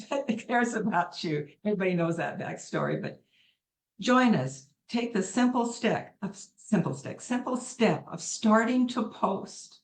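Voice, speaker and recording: A middle-aged woman giving an earnest, emotional testimonial on a video call, speaking from the heart. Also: mid-range voice.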